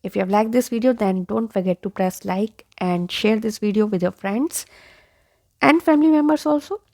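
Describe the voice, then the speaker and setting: A woman teaching English pronunciation, saying single words slowly and repeating each one carefully. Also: mid-range voice, darkish tone. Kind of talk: pronunciation lesson.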